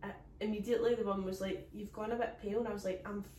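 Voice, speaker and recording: A Scottish woman co-hosting a comedy podcast races through a story in a mid-range voice, animatedly performing every character's lines. A distant phone captures her, so she sounds echoey and far away, with faint room hiss in the background.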